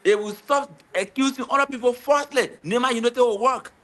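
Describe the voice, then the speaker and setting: A man in a casual talk-show chat, telling stories in a lively way and often repeating his words. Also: very high voice, fairly quick. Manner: animated storytelling, repeats words.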